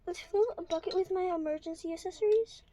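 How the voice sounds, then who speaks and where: At home in her bedroom, a woman vlogs casually to her viewers, thinking aloud as she sorts toy horses. She talks fast in a very high-pitched voice with a dark tone, and the audio is poor.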